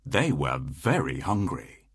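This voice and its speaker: Slow, expressive man reading a kids' story. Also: rumbling low, slightly rough, dry recording, clean studio sound. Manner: slow, expressive read-aloud.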